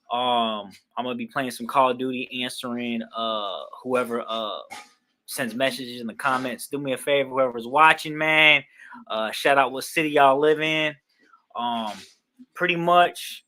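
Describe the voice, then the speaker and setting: A man's voice: medium pitch, pushed and bright. A young man from Queens, New York, chatting casually on a livestream about a dog raffle, rambling with lots of fillers.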